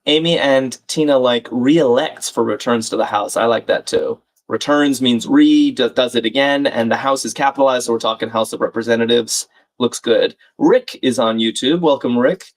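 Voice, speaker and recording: A man's voice: medium pitch, normal speed. A man hosting a live crossword-solving stream, chatting casually, thinking aloud and reading out viewer comments. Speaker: livestream crossword host. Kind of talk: live puzzle-solving chat.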